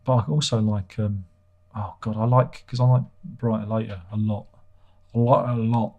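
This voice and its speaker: A man's voice: lowish voice, steady tone, moderate pace, darkish tone, highs cut off. A man hosting a livestream, reading out viewer comments in a rambling, self-deprecating way and swearing casually. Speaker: livestream host.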